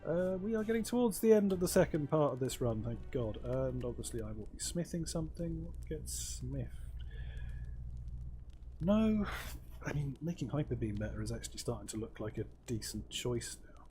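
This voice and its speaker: A man's voice: mid-range voice, expressive, moderate pace, dark tone. A man hosting a let's play, commenting casually on his moves with wry, self-deprecating asides as he thinks aloud. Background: faint game music.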